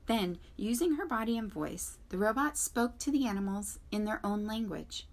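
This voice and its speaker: A school librarian reading a children's novel aloud to students, clear and expressive. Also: female voice, medium pitch, moderate pace. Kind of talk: children's book read-aloud.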